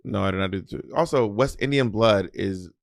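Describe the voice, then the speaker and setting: A man's voice: fairly low pitch, a little fast, gravelly, no room sound, clean studio sound. A man co-hosting a podcast, chatting casually and teasing his co-host with jokes. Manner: teasing, joking, talks with hands. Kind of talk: casual chat.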